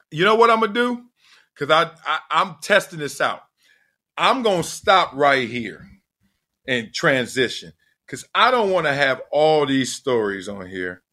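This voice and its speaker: A middle-aged man hosting a casual solo podcast, telling slangy, animated stories and laughing often. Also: on the high side, unhurried. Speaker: podcast host.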